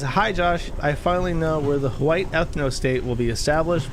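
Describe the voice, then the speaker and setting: Against background noise, an American man with a mid-range voice chats casually on a live stream. He reads viewer donations aloud, adding wry, offhand remarks and chuckling asides.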